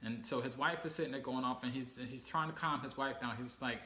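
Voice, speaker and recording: A man laughs as he casually recounts a travel story for a family channel, doing the voices of those he quotes. His medium-pitched voice is steady and sharp, his pace quick, and the room is echoey with faint ambient noise.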